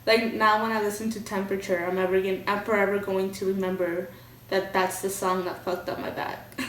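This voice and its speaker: A woman's voice: mid-range voice, a little hiss or hum. Casual young woman telling a story. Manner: candid, chatty, swears freely. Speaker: vlogger. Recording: roomy echo, from a distance.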